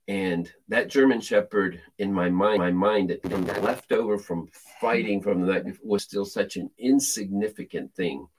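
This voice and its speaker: Very deep-voiced man telling a testimony. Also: poor audio. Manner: animated, acts out quotes, frequent restarts. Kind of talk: casual testimony storytelling.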